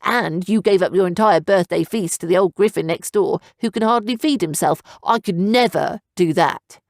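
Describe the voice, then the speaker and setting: A woman's voice: medium pitch, moderate pace, no room sound, studio quality, lightly acted. A woman narrator voicing a lazy, teasing young male griffin who talks in a drowsy, offhand way. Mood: earnest.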